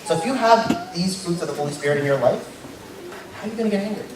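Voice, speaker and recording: A young man giving a casual, joking sermon as a lay preacher, tagging his points with quick asides. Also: high voice, expressive, a crowd in the background. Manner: informal and joking, tags lines with "right?". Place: church hall. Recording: very echoey church hall, mic far off. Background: congregation noise.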